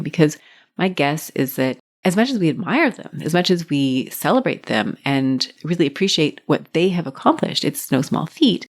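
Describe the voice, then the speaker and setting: A middle-aged woman hosting her own podcast, giving warm, encouraging advice. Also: deep voice. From Canada. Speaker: podcast host. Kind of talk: solo podcast talk.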